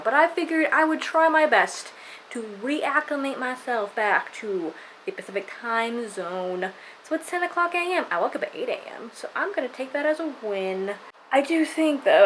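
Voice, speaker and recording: A woman's voice: fairly high pitch, expressive, moderate pace, fairly bright tone, a little hiss or hum, poor audio. A tired woman chatting casually to her viewers at home, rambling and playful as she goes. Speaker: vlogger. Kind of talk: casual vlog chat.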